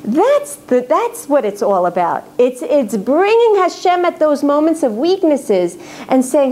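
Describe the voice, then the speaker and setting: A woman's voice: high-pitched, big pitch swings, measured pace, dark tone. A woman giving a religious lecture to an audience, earnest and emphatic, repeating words for stress. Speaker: lecturer on faith.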